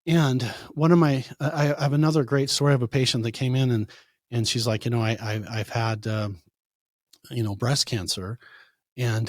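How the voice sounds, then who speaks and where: A man, a chiropractor, answering interview questions in a conversational way, telling animated stories and acting out what his patients said. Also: mid-range voice, dry recording, studio quality. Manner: animated storytelling, acts out quoted patients. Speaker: chiropractor guest.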